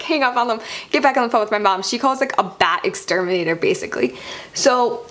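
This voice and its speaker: A young adult woman vlogger telling a storytime monologue in an animated way, full of "like" fillers. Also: fairly high pitch, brisk. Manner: animated, heavy use of "like" fillers.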